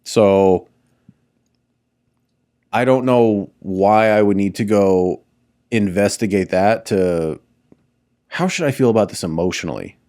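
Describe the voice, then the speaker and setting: A man co-hosting a podcast, his voice sitting a little low. He talks bluntly and matter-of-factly, swearing in passing. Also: slow, long pauses, mellow. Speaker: podcast co-host. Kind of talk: casual chat.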